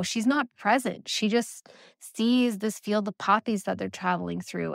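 A woman's voice: fairly low pitch, vocal fry, no room sound, studio quality. A woman hosting a spiritual solo podcast, talking earnestly and rambling with frequent filler words. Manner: earnest, rambling, with many "you know" and "like" fillers. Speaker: podcast host.

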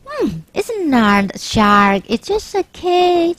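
A woman's voice: sits high, big pitch swings, slow, few pauses, heavy background noise. A young woman with a Taiwanese accent, an English teacher reading a picture book aloud to children with gasps and dramatic exclamations.

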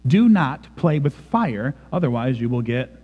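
A man's voice: mid-range voice, very animated, a little slow, breathy edge, in a large hall, dull audio. A man preaching a sermon in a church, emphatic and dramatic. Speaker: pastor. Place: church sanctuary.

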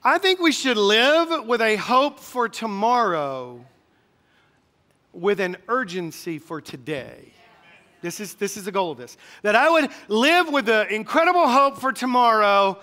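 A man preaching a sermon as pastor, energetic and rising to shouted bursts, leading the congregation in call-and-response. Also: high-pitched, unhurried, in a large hall. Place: church sanctuary.

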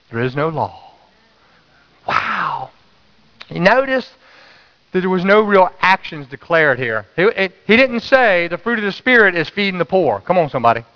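A pastor preaching a sermon in a high, bright voice. He calls out to the congregation for an amen, then drops to a near-whisper when he quotes. The recording sounds slightly dull and lo-fi. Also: big-room sound. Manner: call-and-response preaching, swings from loud to hushed.

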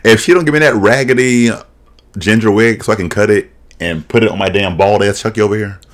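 A man giving casual reaction commentary, animated and exclaiming, mimicking voices as he talks. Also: fairly low pitch, fairly quick. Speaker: drag reaction vlogger.

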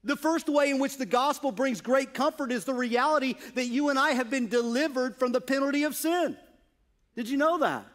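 A male pastor preaching a sermon in church, earnest, moving from hushed asides to emphatic, stressed points. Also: very high-pitched, moderate pace.

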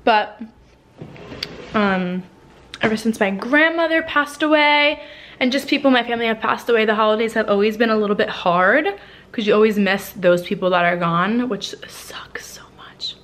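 A woman's voice: fairly high pitch, moderate pace, fairly bright tone. A young woman from New Jersey chatting casually in a home vlog, a little out of breath, full of "like" fillers and swearing. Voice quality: frequent "like" fillers, swearing, emotional. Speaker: lifestyle vlogger. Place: home living room.

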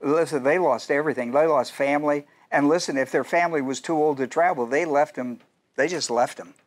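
A man's voice: a little high, a little fast. A male pastor teaching a Bible study class in a conversational, digressive way, often restarting sentences and asking the audience questions.

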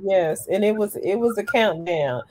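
A woman on a casual panel who tells her stories in a lively way, calling out to listeners. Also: medium pitch, moderate pace. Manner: lively storyteller, addresses listeners as y'all. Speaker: panelist living abroad.

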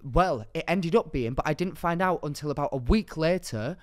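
A young man co-hosts a casual podcast, telling stories with excitable energy and sudden loud jumps. His voice is smooth and clear, recorded close and dry in a studio. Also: on the high side, moderate pace, no room sound. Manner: excitable storytelling, rising to loud bursts. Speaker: podcast co-host. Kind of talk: casual chat.

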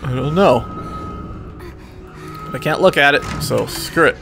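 A man's voice: on the high side, measured pace, creaky. A man giving joking let's play commentary, talking to himself as he plays and jumping at scares. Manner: talks to himself, jumpy and joking. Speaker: gaming channel host. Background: game music.

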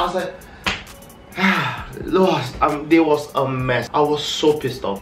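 Brief: fairly high-voiced man, lively storyteller with frequent restarts, recorded a little off-mic in an echoey room, soft music behind. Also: unhurried. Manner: animated, repeats words and restarts often. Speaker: vlogger. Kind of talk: casual storytelling. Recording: echoey room, heard from a distance.

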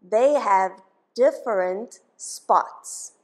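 A woman from Africa, teaching children English words slowly and patiently, asking questions and having them repeat each word. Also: mid-range voice, darkish tone. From South Africa. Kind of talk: slow children's English lesson.

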